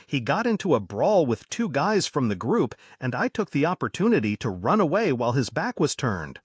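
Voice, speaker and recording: Husky man narrating a horror story. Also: medium pitch, no room sound, clean studio sound. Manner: lively, dramatic storytelling.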